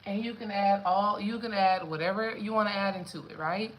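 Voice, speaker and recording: In a casual cooking vlog, a young spiritual coach chats with her viewers from her home kitchen, singing along to songs and laughing. She speaks fairly quickly in a medium-pitched, steady voice, on a low-quality recording with slight background noise.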